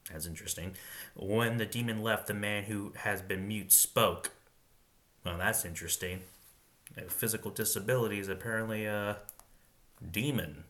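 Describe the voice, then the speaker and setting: A man's voice: on the low side, normal speed, a bit bright. A man reading Bible passages aloud and stopping to muse on them, chuckling often as he comments.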